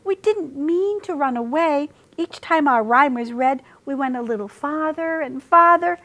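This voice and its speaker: A woman's voice: high-pitched, measured pace, a bit bright, voice pushed up. A woman voicing a small, frightened spoon who speaks in a shaky, tearful way in a storybook reading.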